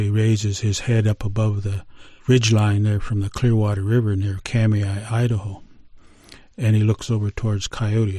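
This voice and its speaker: Middle-aged male storyteller, low and mellow, dry close sound, loose conversational telling. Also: no echo. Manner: unhurried, conversational, with many fillers and restarts. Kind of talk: oral storytelling of a traditional tale.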